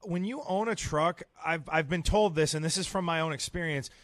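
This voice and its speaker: Higher-voiced man telling a rambling story. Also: brisk, a bit bright, dry recording. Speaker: sports radio co-host. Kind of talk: casual studio chat.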